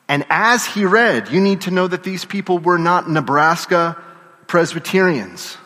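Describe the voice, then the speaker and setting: Guy preaching in a church, kinda high voice, big echoey hall, lively storytelling. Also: a little slow. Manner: animated storytelling preacher, getting the congregation to shout responses. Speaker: pastor. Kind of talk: sermon. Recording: long reverb of a church hall.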